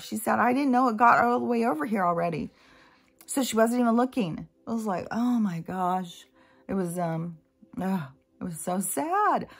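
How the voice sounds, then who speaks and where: A woman vlogger with a mid-range, slightly breathy voice rambles through a casual monologue. She's chatty and meandering, with plenty of fillers and asides.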